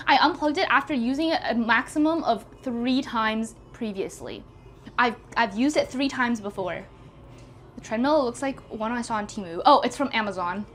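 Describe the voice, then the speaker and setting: A woman's voice: high voice, fairly bright tone. A young woman live-streaming from home in a casual, scatterbrained and giggly way. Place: at home by a walking pad.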